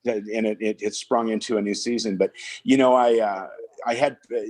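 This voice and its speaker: A man's voice: fairly low pitch, fairly even intonation, a little fast, darkish tone, no echo, low-quality recording. An older man, a guest auctioneer, telling long casual stories full of fillers and restarts. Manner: rambling anecdotes with many fillers and restarts. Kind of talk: casual storytelling chat.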